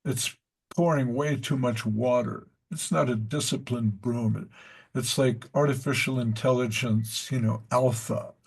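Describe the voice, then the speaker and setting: A man's voice: mid-range voice, fairly even intonation, a little slow, creaky, breathy edge. A man teaching a devotional study class, telling stories in a rambling way with many fillers and asides. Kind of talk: unhurried spiritual class talk with stories.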